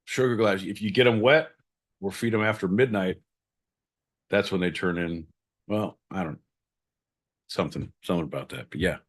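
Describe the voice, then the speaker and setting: A man's voice: low voice, moderate pace, pauses often. A man hosting a podcast, joking around and playing listener messages. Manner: jokey, animated, crude. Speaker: podcast host. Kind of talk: casual podcast banter.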